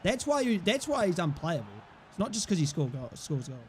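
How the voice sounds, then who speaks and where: A young man with a fairly high voice talks through a football video game. He is blunt and mocking and swears freely. A faint background hiss sits under his voice. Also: big pitch swings, a little fast. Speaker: gaming streamer. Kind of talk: casual football game commentary.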